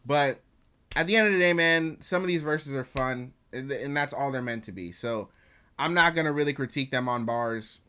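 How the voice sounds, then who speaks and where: A man's voice: medium pitch, moderate pace, sharp tone, clear, resonant tone. A young man casually reviewing an album as he reacts to it, slangy and profane, with chatty asides to his viewers.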